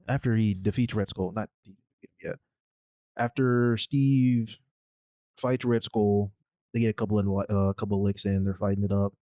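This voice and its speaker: A man's voice: on the low side, dark tone, dry recording. A man co-hosting a podcast, recapping a movie plot in a laid-back way with fillers. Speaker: podcast co-host. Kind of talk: casual chat.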